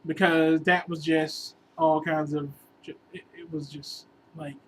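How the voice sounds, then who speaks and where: A man telling a long, rambling relationship story in a casual vlog, animated and sometimes bursting into exasperated outbursts. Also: on the high side, a little slow, a little hiss or hum, low-quality recording. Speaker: vlogger giving relationship advice.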